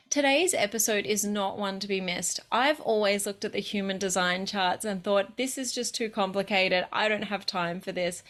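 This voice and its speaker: Female host, upbeat and gushing, slightly high voice. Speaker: podcast host. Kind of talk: enthusiastic interview intro.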